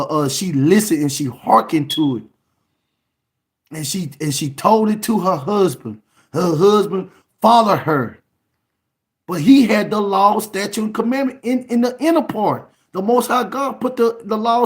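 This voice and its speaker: A man preaching an emphatic sermon, repeating words and breaking into shouts. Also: sits high, unhurried. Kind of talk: fiery sermon.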